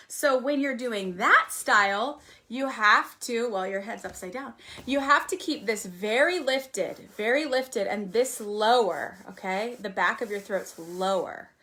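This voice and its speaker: Bright-voiced woman teaching singing. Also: on the high side, unhurried. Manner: demonstrates with sung warm-ups and examples. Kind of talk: singing workshop for musical theater. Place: arts center.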